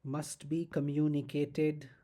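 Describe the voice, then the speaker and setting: A law lecturer with an Indian English accent giving a slow, emphatic exam-prep lesson, repeating key points and checking in with "okay?". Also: mid-range voice, little pitch movement, dark tone.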